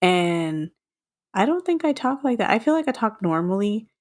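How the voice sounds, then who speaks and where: A woman's voice: medium pitch, very animated, moderate pace, darkish tone. Chatty woman with a mild Texan accent. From Texas. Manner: chatty, laughs often, acts out lines. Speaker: podcast co-host. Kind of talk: casual chat.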